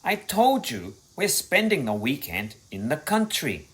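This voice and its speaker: A brisk, no-nonsense mother, as a man plays her in a storybook. She sounds high and bossy, her pitch leaping around. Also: huge pitch swings, a bit bright, heavily acted.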